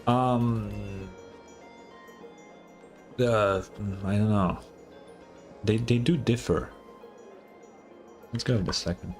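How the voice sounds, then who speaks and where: A man's voice: fairly low pitch, takes it slowly, pauses often, darkish tone, faint music behind. A male streamer reading game dialogue and narration aloud on a livestream, casual, with muttered asides and free swearing.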